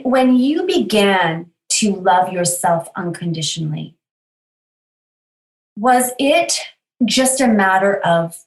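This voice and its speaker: Slow-spoken woman host in a roomy space. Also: medium pitch. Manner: unhurried, affirming, asks long searching questions. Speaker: podcast host. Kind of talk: interview. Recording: roomy echo.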